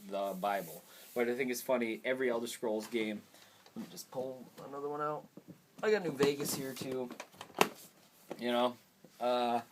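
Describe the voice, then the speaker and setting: A young man hosts a casual gaming vlog, rambling, getting easily distracted, and often laughing at himself. His voice is medium-pitched, and the recording is very noisy.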